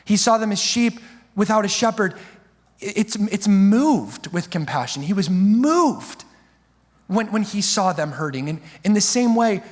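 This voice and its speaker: Man preaching with a high voice. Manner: impassioned, slows and stresses key phrases. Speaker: pastor. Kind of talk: sermon. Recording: long hall reverb.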